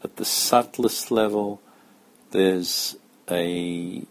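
A man giving a slow, calm spoken lesson as a yoga teacher, talking in a measured, deliberate way with pauses. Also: deep voice.

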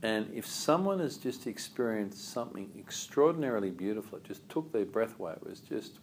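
A man teaching a yoga class, calm and asking the group questions. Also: lowish voice, brisk, hardly any pauses, slight background noise.

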